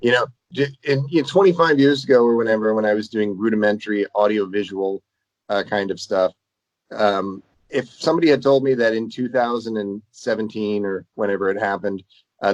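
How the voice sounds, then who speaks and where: A man with a low voice muses in a thoughtful way during a casual chat, leaning on fillers as he thinks. His voice sounds dry, with no room echo. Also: lo-fi sound. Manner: thoughtful, musing, lots of fillers.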